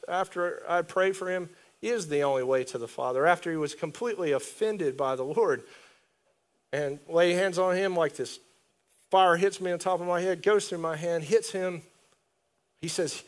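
A man preaching a sermon in a conversational, animated way, with asides to the congregation. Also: high voice, moderate pace, pauses often.

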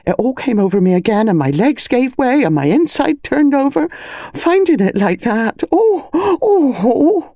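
Woman doing a high, shaky, weeping young maid, audiobook. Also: sing-song, unhurried, mellow, no echo, studio quality, heavily acted. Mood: hysterical. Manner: gasping, sobbing, rising in pitch. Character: upset young housemaid, tearful and breathless. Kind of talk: audiobook character voice.

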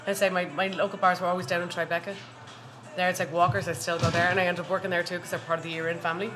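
A woman with an Irish accent chatting as a guest, effusive and quick to laugh. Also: on the low side, level tone, over music. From Ireland. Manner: warm, effusive, laughs often. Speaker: guest, hospitality worker. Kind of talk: casual chat. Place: bar.

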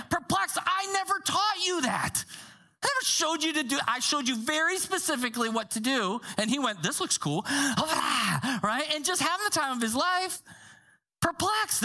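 A woman pastor preaching a sermon with a high, ringing voice. She talks in a lively, conversational way and acts out quotes along the way. She often sinks to a hushed, low tone to drive a point home. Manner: drops to a hushed tone for emphasis.

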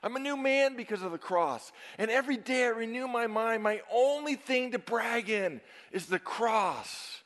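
A high-voiced man preaching with real fire, punching key words and then dropping to a near hush. His sermon rings out through a church sanctuary with a long, lingering reverb. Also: animated, moderate pace, few pauses. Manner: emphatic, dynamic preaching with sudden drops to near-whisper. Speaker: pastor.

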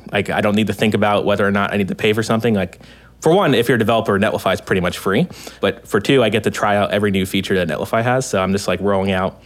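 A man's voice: fairly low pitch, very fast. A man hosting a podcast, easygoing and agreeable, with a joking manner. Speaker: podcast host. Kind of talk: casual podcast chat.

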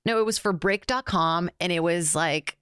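Chatty woman comedian, lowish dry voice. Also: moderate pace, fairly bright tone, smooth, dry recording. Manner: chatty, lots of likes, laughs while talking. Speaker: comedian guest. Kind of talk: casual chat.

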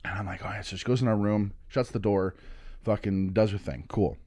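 Man in his thirties, comic storyteller, mid-pitched, dry close mic, swearing and voicing quotes. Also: moderate pace, dry recording. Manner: animated, swearing, acting out quotes. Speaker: comedian guest. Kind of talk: casual storytelling. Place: studio.

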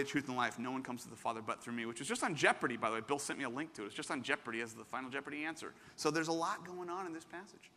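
A man's voice: fairly high pitch, bright, forceful tone. A man preaching a sermon as pastor, conversational and self-interrupting, with sudden bursts of emphasis. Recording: long hall reverb.

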